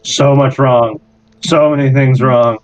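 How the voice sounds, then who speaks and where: A man's voice: medium pitch, fairly even intonation, takes it slowly, music in the background, rough recording. A man narrating a tabletop game as game master over an online voice call, in a loose, laughing style.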